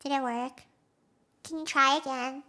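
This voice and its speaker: High, bright giggly young woman streamer. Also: fairly even intonation. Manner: chatty, giggly, quick to react emotionally. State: has a headache. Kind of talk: casual chat with a live audience.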